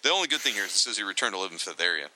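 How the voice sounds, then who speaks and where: Bright, lively man rattling off lists. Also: lowish voice, very fast, rough recording. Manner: excitable, rattling off lists with joking asides. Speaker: podcast co-host. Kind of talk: casual chat reading from a reference book.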